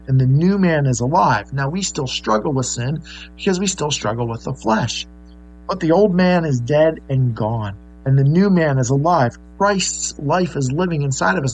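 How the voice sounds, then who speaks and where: A man preaching in an earnest, explaining way, often stumbling over fillers and restarting his sentences. His voice sits a little higher than most men's. A faint mains hum runs under the recording. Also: low-quality recording. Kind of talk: sermon.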